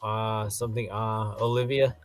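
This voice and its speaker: A man's voice: on the low side, little pitch movement, moderate pace, faint music behind. A man chatting casually about a movie in a laid-back way, agreeing and chuckling along. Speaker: podcast co-host. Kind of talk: casual movie recap chat.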